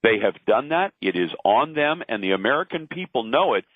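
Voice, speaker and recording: A man's voice: mid-range voice, very animated, brisk, dry recording. A middle-aged man giving opinionated talk radio commentary, emphatic and argumentative, acting out the voices he quotes. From Pacific Northwest, lives in Portland. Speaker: radio talk host, guest. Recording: dry, tinny phone line.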